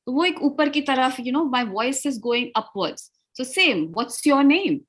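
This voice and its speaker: A woman's voice: high-pitched, expressive, quick pace, a bit bright, slightly rough. A woman with an Indian accent teaches spoken English on a live video call. She is patient and encouraging, and moves freely between English and Hindi as she explains. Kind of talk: live online teaching session. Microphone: video call over Wi-Fi.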